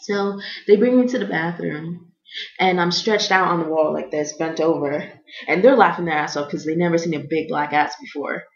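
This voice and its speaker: A young American woman telling a comedic personal story in an animated way, acting out other people's lines in quick voices. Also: lowish voice. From United States. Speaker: vlogger. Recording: echoey room, dull lo-fi sound.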